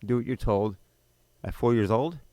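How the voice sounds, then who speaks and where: A man's voice: medium pitch, mellow, no echo. Blunt, bitter middle-aged man. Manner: blunt, bitter, emphatic with sudden pauses. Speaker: podcast host. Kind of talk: personal storytelling monologue.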